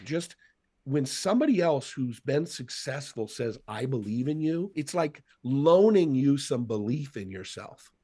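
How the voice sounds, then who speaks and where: A man's voice: mid-range voice, animated, measured pace, warm tone, slightly rough, no echo, clean studio sound. A man in his fifties, a speaker and author, telling reflective stories as a podcast guest. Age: 50s. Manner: reflective, anecdotal, quotes others. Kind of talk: storytelling in a podcast interview.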